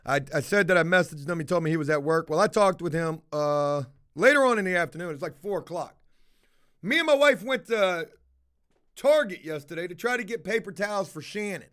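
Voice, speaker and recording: A man with a high-pitched voice chats loosely on a livestream and reacts to viewers' comments. He rambles from one gripe to the next and swears freely, with a blunt, unfiltered delivery. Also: expressive, fairly quick, fairly bright tone, smooth. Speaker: livestream host reading chat. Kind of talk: casual livestream chat.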